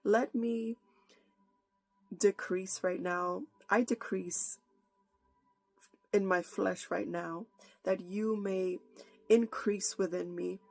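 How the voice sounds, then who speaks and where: Female preacher, unhurried pleading delivery, gravelly tone, faint music bed. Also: mid-range voice, no room sound. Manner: slow, fervent, pleading prayer. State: holding back tears. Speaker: prophetic preacher. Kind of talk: prayer and prophetic message.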